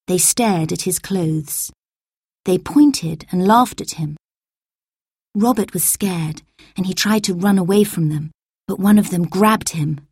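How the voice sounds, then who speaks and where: A woman narrating a storybook slowly and clearly, with expressive delivery. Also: fairly low pitch, no room sound, studio quality. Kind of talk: storybook reading for learners.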